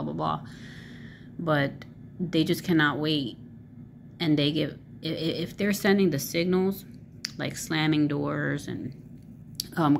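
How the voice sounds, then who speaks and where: A woman with a low, gravelly voice speaks casually to her camera. She rambles, fills gaps with ums and likes, and swears freely. A faint hiss sits behind her. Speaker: vlogger.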